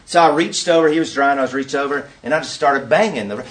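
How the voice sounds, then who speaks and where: A man giving a preaching-style conference talk, an animated storyteller who acts out scenes and asks the audience rhetorical questions. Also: on the high side, quick pace, recorded from a distance. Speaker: workshop speaker at a conference.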